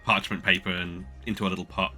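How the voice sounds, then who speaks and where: A man's voice: sits low, level tone, quick pace, bright, forceful tone, soft background music. A man narrating a tabletop role-playing game as game master, casual and meandering, with many fillers.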